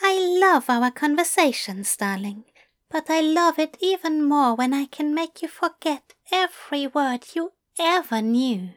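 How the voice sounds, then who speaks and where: Woman doing a prissy angel guy, way up high, breathy and teasing, slow. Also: lively intonation. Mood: fond. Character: prim fussy male angel, teasing.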